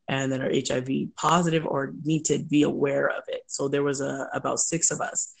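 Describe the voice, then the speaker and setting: A middle-aged woman telling personal stories as an interview guest, lively, laughing often and acting out quoted voices. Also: low voice, creaky. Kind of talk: conversational interview storytelling.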